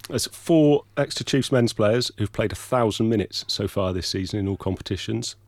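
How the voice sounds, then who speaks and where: Calm, gentle-voiced man reading quiz questions. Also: on the low side, normal speed, no echo. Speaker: statistician running a quiz. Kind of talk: casual quiz hosting.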